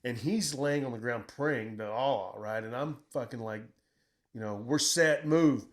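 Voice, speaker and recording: A man's voice: medium pitch, moderate pace. Blunt, profane middle-aged man telling war stories. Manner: profane, blunt, quotes himself in raised voice. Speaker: military veteran recounting combat. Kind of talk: casual storytelling conversation.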